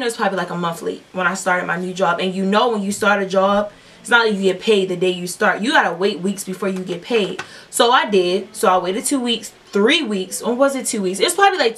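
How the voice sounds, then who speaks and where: Young woman, vlogger, casual storytime, rambling, profane, mid pitch, slightly distant mic. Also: a bit bright. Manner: rambling, profane, lots of fillers. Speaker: beauty vlogger. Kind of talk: casual storytime while doing makeup.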